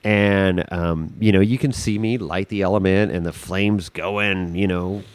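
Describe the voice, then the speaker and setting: A man, a podcast guest, telling a story in a casual, animated way, swearing freely and acting out the scene. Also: low-pitched, a little slow, smooth.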